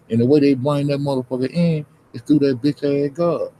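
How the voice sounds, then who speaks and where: A man's voice: fairly high pitch, moderate pace, dark tone, slightly rough, poor audio. Profane ranting man on a livestream. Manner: profane, confrontational, repetitive. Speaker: livestream host. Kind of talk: ranting livestream talk to chat.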